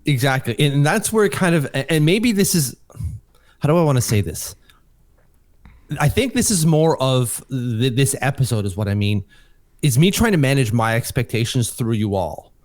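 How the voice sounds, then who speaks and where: A man co-hosting a hockey podcast, excitable and casual, often restarting his sentences and swearing now and then. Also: medium pitch, normal speed, no room sound. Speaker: podcast co-host.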